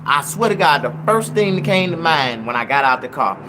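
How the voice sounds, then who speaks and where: A man telling a profane, comedic story in an animated, loud way. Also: high-pitched, fairly quick, few pauses, slight background noise.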